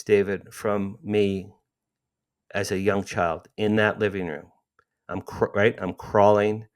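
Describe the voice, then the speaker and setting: A man in his sixties, emotionally retelling a personal story as an interview guest, with frequent restarts. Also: on the low side. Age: 60s.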